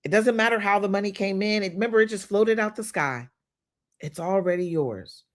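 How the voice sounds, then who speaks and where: A livestream host leading guided gratitude visualization and slow repeated affirmations, shifting into informal, upbeat preaching with slang and greeting viewers by name. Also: medium pitch. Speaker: host of a live money-mindset session.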